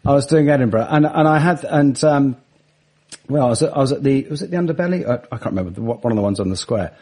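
A man with a husky voice, telling funny anecdotes in casual chat and laughing mid-sentence. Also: mid-range voice, animated, fast talker, warm tone. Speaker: guest, comedian and musician.

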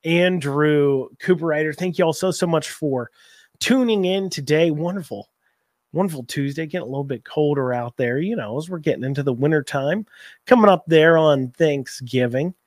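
Guy with a cold doing his talk show, bit high voice, dry close sound, rambles. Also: normal speed, a little mellow, no room sound. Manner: rambling, folksy, repeats himself. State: has a cold, slightly hoarse. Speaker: host. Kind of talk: political talk show commentary.

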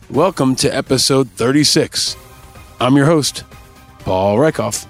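A man's voice: mid-range voice, measured pace, faint music behind. A man hosting a podcast, delivering scripted, sarcastic and pointed political commentary. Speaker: podcast host.

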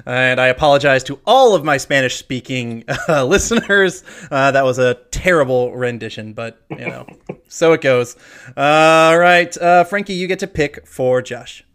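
A man's voice: medium pitch, unhurried, clean tone. A man hosting a casual trivia quiz, reading questions and judging answers. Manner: lively, reads trivia questions aloud. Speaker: quiz host. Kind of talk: casual quiz show banter.

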